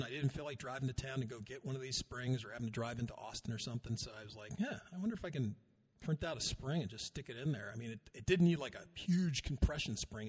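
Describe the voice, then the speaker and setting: A man's voice: mid-range voice, slightly rough. A man co-hosting a podcast, telling a rambling, self-deprecating story in casual chat. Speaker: podcast co-host.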